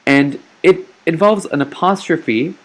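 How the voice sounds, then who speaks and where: A man teaching a recorded lesson over slides, patient and slow, often checking in with "okay?". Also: on the high side, a bit bright. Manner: patient, explains slowly, frequent "okay?" check-ins.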